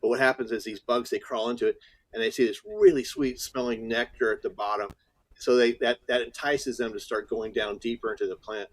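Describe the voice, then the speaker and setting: A man on a casual online panel with a middle-pitched voice. He rambles and restarts as he builds up his analogies. His voice sounds dry and close. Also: fairly even intonation, fairly quick, no room sound. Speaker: panel guest.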